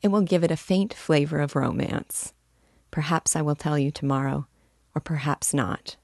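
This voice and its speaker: Woman reader as a guarded young woman; firm, measured, low and close. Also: creaky, no room sound. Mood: frank. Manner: frank, measured, gently firm. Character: frank, cautious young woman, warm but firm. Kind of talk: audiobook dialogue reading.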